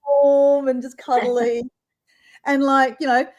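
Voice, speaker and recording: An Australian woman hosting a casual live chat, talking in a chatty, animated way full of fillers while she paints. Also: sits high, unhurried, dull audio, soft background music. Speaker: live stream host.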